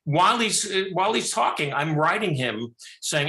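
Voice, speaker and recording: Older male director guest, animated anecdote teller, bright voice, roomy studio sound. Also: a little high, moderate pace, few pauses. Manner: animated storyteller, many restarts and fillers. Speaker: film director and actor, guest. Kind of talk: talk show interview.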